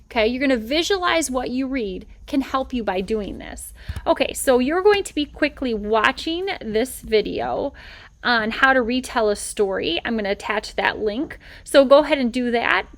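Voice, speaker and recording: A woman's voice: on the high side, animated, moderate pace, creaky. A woman teacher giving a recorded reading lesson, patiently stretching out letter sounds and checking in with "okay?" and "right?".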